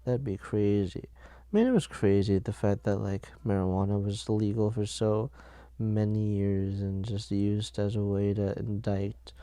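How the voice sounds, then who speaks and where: A man's voice: fairly low pitch, a little slow, dark tone, clear, resonant tone, dry recording, clean studio sound. A sleepy man hosting a solo podcast, rambling and making jokes at his own expense. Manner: rambling, jokey, self-mocking. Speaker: podcast host.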